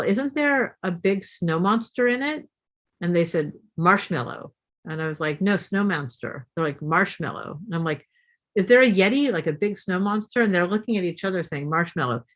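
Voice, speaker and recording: Brisk and medium-pitched, a middle-aged female guest speaker shares a story with an audience, keeping it lively and stopping to ask them questions.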